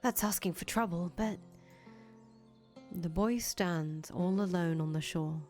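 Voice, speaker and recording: A woman's voice: on the low side, takes it slowly, a little mellow, soft background music. A woman voicing a flustered, friendly young traveler. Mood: earnest. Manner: chatty, easily flustered, stammers when nervous. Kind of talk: fan voice acting of a visual novel.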